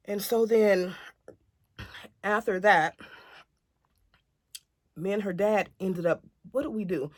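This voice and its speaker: A woman telling a family story to camera in a casual, animated way, acting out what others said. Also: medium pitch, slow, pauses often, dry recording. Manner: chatty, animated retelling that acts out other people's lines.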